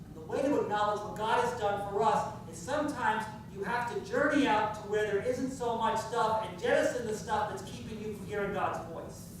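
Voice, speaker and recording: A man's voice: high voice, brisk, few pauses, background noise. A male pastor giving an informal, conversational sermon, quizzing his congregation as he goes. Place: church sanctuary. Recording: echoey church from far off.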